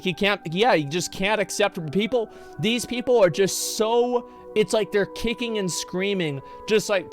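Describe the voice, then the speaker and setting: A male streamer giving live reaction commentary, blunt and profane, who stumbles over and repeats words when worked up. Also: high voice. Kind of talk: live reaction commentary, reading posts aloud.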